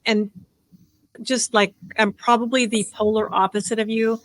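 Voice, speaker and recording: A woman in her sixties hosting a podcast, talking fast and rambling with lots of "like" fillers. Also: on the high side, little pitch movement. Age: 60s. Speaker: podcast host. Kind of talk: casual podcast chat.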